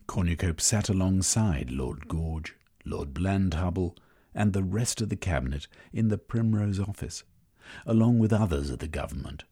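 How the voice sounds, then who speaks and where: Audiobook narrator, male, middle-aged: low and mellow, slow, lively in pitch. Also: breathy edge. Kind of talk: scripted narration.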